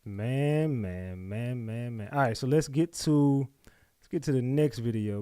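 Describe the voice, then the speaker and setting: A man's voice: mid-range voice, measured pace, warm tone, clean tone, dry recording. A man hosting a reaction stream who speaks bluntly and profanely and keeps insisting on his point to his chat. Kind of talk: casual reaction commentary.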